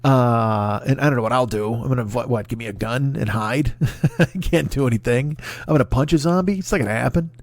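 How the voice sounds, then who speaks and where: A man's voice: mid-range voice, brisk, dry recording, clean studio sound. A man comedian with an American accent doing a rambling, profane comic rant. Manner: profane, rambling, riffing with impressions. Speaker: comedian host.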